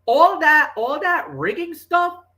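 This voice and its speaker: A man co-hosting a sports talk show, giving his opinions in an emphatic, animated way with frequent restarts. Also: extremely high pitch, takes it slowly. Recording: roomy echoey room.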